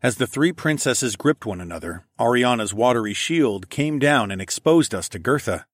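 A man's voice: mid-range voice, lively intonation, normal speed, no echo, clean studio sound. A man narrating a fantasy story in first person, reading steadily. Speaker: audiobook narrator.

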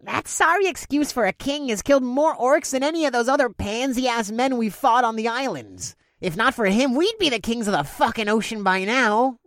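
A man's voice: very high-pitched, lively intonation, normal speed, few pauses, a bit bright, no room sound, studio quality, pitched above the performer's own voice, exaggerated voice. A man voicing a snarling, scornful male orc in a raised, pinched voice. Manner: snarling and contemptuous.

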